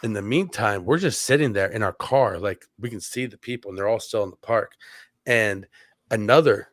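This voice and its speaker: A man's voice: on the low side, moderate pace, no echo, clean studio sound. A man on a podcast telling a long story casually, with many "like" fillers and restarts. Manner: rambling, heavy on "like" fillers and restarts. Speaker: podcast co-host.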